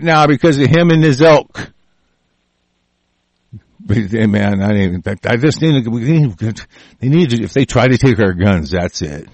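In a furious, profane political rant, a show host swears at every turn, repeating himself and tripping over his words. His mid-range, darkish voice is expressive and measured, with frequent pauses. The sound is completely dry, with no room behind it.

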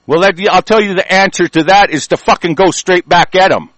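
An older American man giving a profane, angry monologue, reading news aloud and commenting, swinging from low mutters to shouting. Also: brisk, no echo, rough recording. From United States.

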